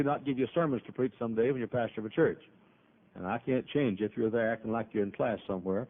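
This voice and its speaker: A male pastor preaching a sermon in a church auditorium, folksy and emphatic, with frequent coughs. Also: lowish voice. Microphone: PA microphone. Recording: tinny phone-like lo-fi audio.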